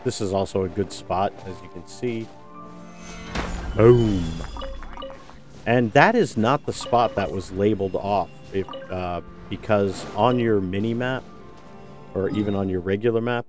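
Slow low-voiced man rambling through gameplay. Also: darkish tone. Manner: rambling, forgetful, self-correcting. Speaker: game video host. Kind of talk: gameplay commentary.

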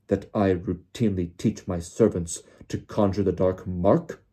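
A man's voice: low-pitched, steady tone, unhurried, dark tone, slightly rough. A man voicing a cold, stern senior ministry official with clipped, icy anger. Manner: clipped, icily angry.

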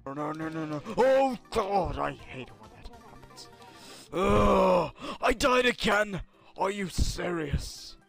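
With faint music behind him, the man delivers an exaggerated, high-pitched voice that is expressive, slow, creaky and a bit bright. It's a comedic let's-play take on an arrogant, short-fused alien prince warrior, brash and insulting but prone to panicked yelps.

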